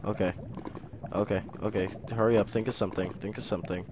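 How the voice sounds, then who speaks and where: A young man commentating his own game as a gaming channel host, nervous and excitable, muttering quietly, then bursting into loud exclamations. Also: lowish voice, fast, noisy background. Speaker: gaming YouTuber. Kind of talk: let's play commentary.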